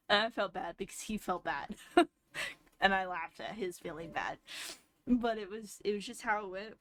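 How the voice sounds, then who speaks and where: A woman's voice: mid-range voice, slight background noise. A young woman streamer casually telling a rambling personal story, often laughing as she goes.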